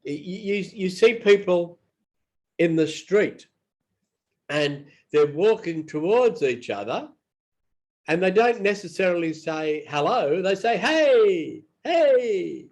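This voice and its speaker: A man's voice: on the high side, lively intonation, darkish tone. A man teaching English phrases in a casual lesson, repeating each one aloud and not feeling well. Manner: slow and repetitive, models phrases aloud. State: unwell.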